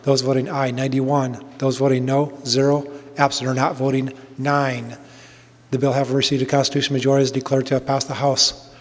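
A man presiding over a state house session, calling votes and motions in flat, measured, formulaic phrases. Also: medium pitch. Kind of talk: formal parliamentary procedure. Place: legislative chamber. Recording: long reverb of a large chamber.

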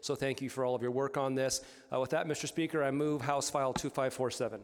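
A man speaking on a legislative floor, thanking colleagues earnestly with some halting fillers before making a motion. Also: medium pitch, steady tone. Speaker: state legislator. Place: legislative chamber. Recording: echoey hall from a chamber mic.

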